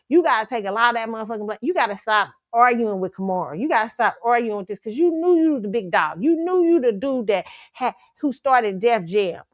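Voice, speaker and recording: Host, woman, AAVE, blunt and profane, a bit high-pitched, dry close mic. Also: no echo, muffled recording. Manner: blunt, profane, scolding and animated. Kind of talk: casual pop culture commentary. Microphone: streaming microphone.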